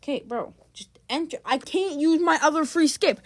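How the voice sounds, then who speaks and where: A young woman gaming vlogger commentates on gameplay in a high-pitched voice at a moderate pace with few pauses. She's chatty and exasperated, speaking right to her viewers, and crowd noise can be heard.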